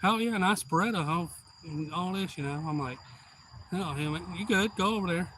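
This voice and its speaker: A man's voice: fairly high pitch, moderate pace, long pauses, a little hiss or hum, rough recording. A man telling a wild story on a live stream, whooping, cussing and acting out what people said. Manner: excitable, whooping, acts out quotes and cusses.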